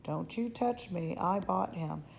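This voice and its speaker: A woman's voice: on the low side, unhurried, creaky, a little hiss or hum, poor audio. A woman voicing a possessive, boastful young boy in a storybook reading, with a whiny, bossy way of talking.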